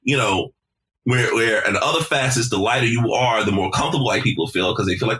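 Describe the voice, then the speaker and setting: A man guesting on a podcast, telling stories in a casual, animated, profane way and repeating words as he starts his sentences. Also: fairly low pitch, brisk. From South Carolina. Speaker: podcast guest, deejay and emcee. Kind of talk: casual conversational storytelling.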